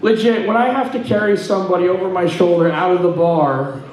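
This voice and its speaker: A man's voice: sits high, a little fast, heavy reverb, a crowd in the background, low-quality recording. A middle-aged man from Ontario doing stand-up comedy, telling a story with lots of swearing and laughing between punchlines. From Ontario, Canada.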